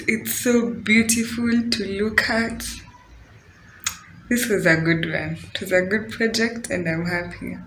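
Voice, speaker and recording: A woman from Kenya chatting casually through a home DIY vlog, excitable and laughing at her own mess. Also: medium pitch, slow, a little hiss or hum. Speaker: DIY vlogger. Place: indoor room at home. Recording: roomy home audio with faint background.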